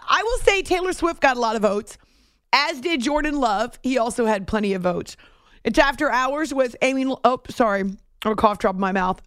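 A woman's voice: a little high, dry recording, clean studio sound. Chatty woman hosting late-night sports radio. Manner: chatty, self-deprecating, laughs easily. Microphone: studio microphone.

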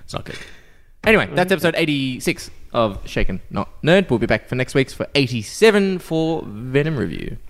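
A man's voice: mid-range voice, very animated, normal speed. A man hosting a podcast in casual chat, blunt and laughing. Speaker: podcast host.

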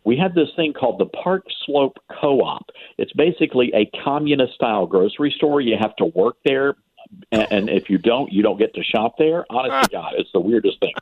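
A man from the American South calls into a radio show, spinning sarcastic stories with an animated, swinging delivery. His voice comes through a narrow, tinny phone line. There is a slight huskiness to it. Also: medium pitch, moderate pace, creaky, slightly rough. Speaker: radio commentator guest. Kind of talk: talk radio phone interview.

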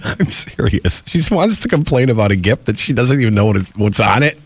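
Man, podcast co-host, teasing and chuckling, lively low voice, dry mic. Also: a little fast, breathy edge, dry recording. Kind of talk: casual podcast chat. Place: home studio.

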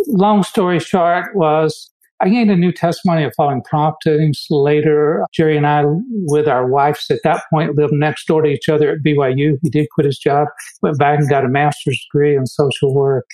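An American man recounts his own experiences in an earnest, reflective tone. His voice sits a little high for a man, and he often doubles back to restart a sentence. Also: fairly even intonation, normal speed, darkish tone, low-quality recording. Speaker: guest speaker. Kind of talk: personal storytelling.

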